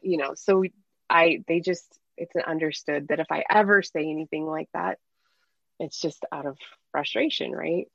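A woman with a lowish voice explains parenting as a coach in an earnest, conversational way, now and then acting out quoted lines. The recording is dry and somewhat dull, with muffled highs. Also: measured pace, gravelly, no echo. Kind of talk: conversational podcast interview.

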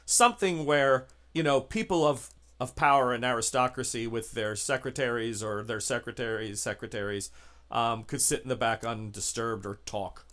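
A man's voice: medium pitch, moderate pace, a bit bright. A man running a tabletop role-playing game talks in a casual, explanatory way. His tone stays chatty and easygoing. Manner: casual, explanatory, laughs often. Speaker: game master.

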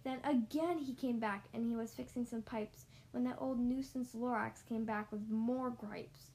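A woman reading a rhyming storybook aloud, rhythmic and sing-song, slowing down for emphasis. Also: a little high, fairly even intonation, a little mellow, rough recording. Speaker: storybook reader.

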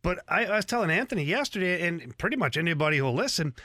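A man co-hosting a sports radio show, teasing, playful and animated. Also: high voice, fast talker, dry recording, clean studio sound. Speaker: radio co-host, hockey analyst. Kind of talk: casual radio chat.

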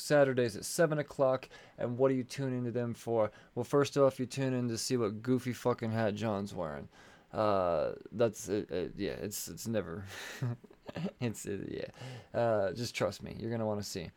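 Smooth and darkish in tone, this man's medium-pitched voice carries a casual solo podcast ad read. As host, he rambles loosely through the sponsor spots, cursing and tripping over his words.

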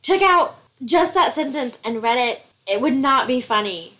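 Giggly high-voiced woman. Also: expressive, normal speed, pushed and bright, low-quality recording. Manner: enthusiastic, giggly, chiming in. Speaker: book podcast co-host. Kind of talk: casual chat.

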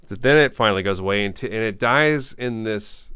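A man's voice: lowish voice, brisk, sharp tone, smooth, dry recording, clean studio sound. Rambling man in a casual movie chat. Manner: rambling, laughs often, restarts. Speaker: podcast co-host.

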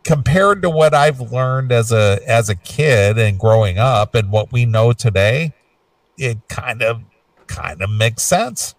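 Male co-host, relaxed musing chat, animated pitch, dry and a bit off-mic. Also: takes it slowly, no echo, recorded from a distance. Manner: laid-back, musing, repeats himself. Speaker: radio show co-host. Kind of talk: casual chat.

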